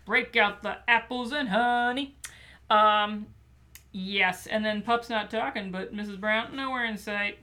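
A woman's voice: mid-range voice, unhurried, pushed and bright. A woman hosting a podcast, chatting playfully and casually about children's books. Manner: chatty and playful, with many fillers. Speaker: podcast host.

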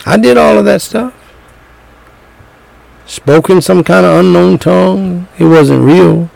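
Slow, gravelly male preacher. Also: high-pitched, darkish tone, dry recording, low-quality recording. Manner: slow, emphatic preaching with repetition and storytelling. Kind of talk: sermon.

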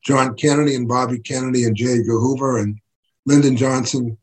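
Husky-voiced man, impassioned political talk. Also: mid-range voice, fairly even intonation, a little fast, low-quality recording. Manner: emphatic, rising to forceful bursts. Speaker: activist writer and commentator.

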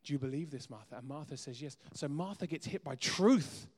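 A man preaching a sermon as pastor, earnest, moving between soft quiet asides and emphatic raised lines. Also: mid-range voice, fast, breathy edge. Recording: long hall reverb.

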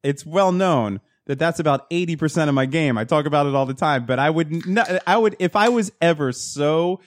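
A man's voice: a little high, lively intonation, brisk. A man in crude casual podcast chat, rambling and joking about himself. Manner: rambling, joking, self-deprecating.

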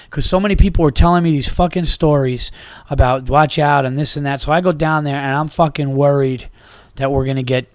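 Hoarse man rambling through a podcast story. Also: medium pitch, no room sound. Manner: rambling, profane storytelling with frequent restarts. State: slightly hoarse with a sore throat. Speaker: podcast host and comedian. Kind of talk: casual podcast monologue.

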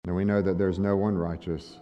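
A man's voice: sits low, flat delivery, a little fast, warm tone. Male pastor, conversational sermon, long echo in a large hall, dull lo-fi sound. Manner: conversational preaching with rhetorical questions to the congregation.

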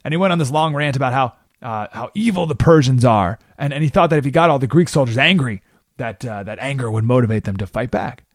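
A man hosting a radio talk show, telling a history story in a casual, lively way and acting out the people's lines. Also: medium pitch, fast talker, no echo, clean studio sound. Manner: casual, animated storytelling, acting out quotes in voices. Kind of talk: radio monologue retelling history.

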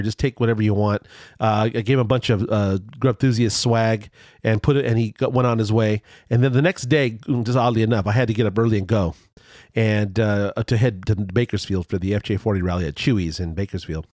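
A man telling a road story in casual chat, rambling with restarts and fillers, and his voice jumps higher when he gets excited. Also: brisk, no room sound, clean studio sound.

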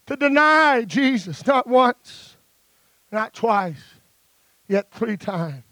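Brief: emphatic male preacher, very high voice, slow cadence with "uh" fillers. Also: lively intonation, bright, forceful tone, dry recording. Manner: emphatic, punctuates phrases with "uh". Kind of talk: sermon. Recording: guitar music playing behind. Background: guitar music.

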